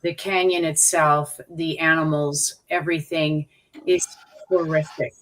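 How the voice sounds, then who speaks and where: A woman's voice: deep voice, steady tone, a little slow, rough recording. A woman in a casual discussion speaking somberly about heavy loss.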